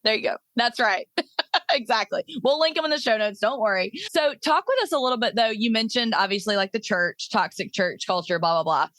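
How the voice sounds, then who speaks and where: A woman's voice: a little high, a little fast, a bit bright, no room sound. A woman hosting a podcast, chatting casually and laughing often with her guest. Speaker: podcast host. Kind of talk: casual interview chat.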